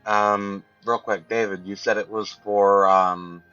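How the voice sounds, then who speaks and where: A man's voice: lowish voice, steady tone, takes it slowly, bright, forceful tone, clear, resonant tone, soft background music. Terse man on a dull lo-fi mic. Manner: brief, matter-of-fact. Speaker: player. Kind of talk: casual chat at a game table.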